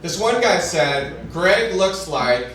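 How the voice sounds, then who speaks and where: On a comedy club stage in front of a live crowd, a man with a high, animated voice works through a stand-up set at an unhurried pace, telling stories conversationally and shouting his punchlines. The room is echoey and he's picked up from a distance, with plenty of background noise and the audience laughing.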